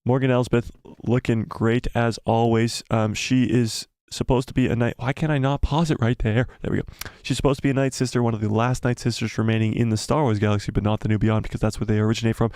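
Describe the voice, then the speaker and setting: A man hosting a live stream, excitedly breaking down a trailer, talking quickly and repeating phrases. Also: medium pitch, dry recording, clean studio sound.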